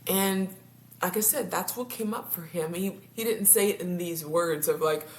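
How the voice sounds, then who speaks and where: A woman's voice: on the low side, moderate pace. A woman couples therapist talking casually to her viewers, laughing often and tripping over her words. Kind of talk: casual talk to camera. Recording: roomy echo, faint background hum.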